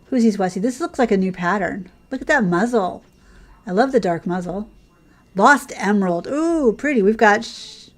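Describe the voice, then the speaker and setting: A woman hosting casual gameplay commentary, chatting in a rambling way and cooing at the horses on screen. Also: mid-range voice. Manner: chatty and rambling, coos at her horses, laughs often. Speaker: gaming channel host.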